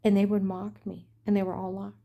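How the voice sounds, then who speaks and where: A woman's voice: mid-range voice, monotone, fairly quick, gravelly, highs cut off. A middle-aged woman telling a rambling personal story in an aggrieved, indignant way. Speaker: vlogger.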